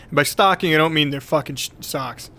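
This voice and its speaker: A man's voice: a little high, brisk, vocal fry, sharp tone, slight background noise. A man running a tabletop game as game master, laid-back and joking.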